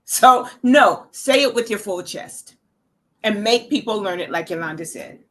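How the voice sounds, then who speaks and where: An earnest woman talking as a guest on a live panel chat. Her voice sits at an ordinary middle pitch, and she tends to repeat a word before she gets going. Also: animated, a little slow. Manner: earnest, repeats words when starting. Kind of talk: casual panel discussion.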